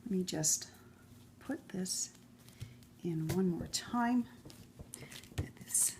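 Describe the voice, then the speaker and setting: A middle-aged woman talking casually while she demonstrates a recipe in a home kitchen. She rambles and fills pauses with "um". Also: fairly low pitch, background noise. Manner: chatty and rambling, with many fillers. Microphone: camera mic, filmed by her son.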